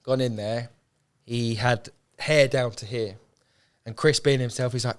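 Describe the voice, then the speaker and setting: A man's voice: medium pitch, steady tone, measured pace, clean tone. A young man, telling his story in an interview in an earnest, heartfelt, colloquial way, often repeating phrases for emphasis. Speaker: homeless charity founder. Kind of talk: emotional podcast interview.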